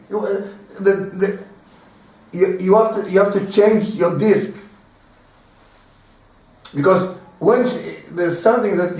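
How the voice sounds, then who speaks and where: Rabbi guy giving a casual torah class, repeats himself a lot, far off mic in a big echoey room. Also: high-pitched. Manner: animated, repeats words, acts out little dialogues with laughs. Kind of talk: informal Torah lesson.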